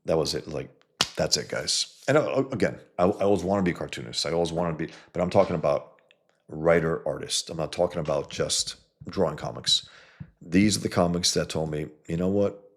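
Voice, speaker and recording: A comic book creator and video host rambles casually to his viewers in a rough, husky, gravelly bass voice. He talks fairly quickly and sounds blunt and scornful, with lots of filler and restarts.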